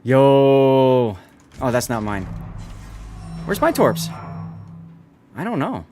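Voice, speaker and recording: A man talks slowly with huge pitch swings around a medium pitch, faint music playing behind him, as he streams a naval warship game. He chats with viewers and answers their messages while calling out torpedoes and ranges.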